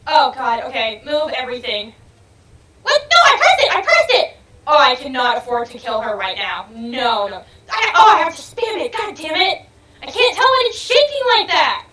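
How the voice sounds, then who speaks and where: Excitable high-voiced young woman gamer. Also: moderate pace. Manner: excitable, swears freely, yells and laughs at the game. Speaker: gaming video creator. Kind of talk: let's-play gameplay commentary.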